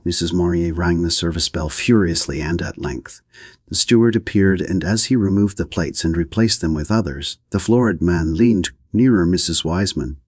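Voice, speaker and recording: A man narrates a novel for an audiobook in a steady, even reading. His voice is very deep with a husky edge. The sound is close and dry, with no room echo. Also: moderate pace. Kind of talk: scripted narration.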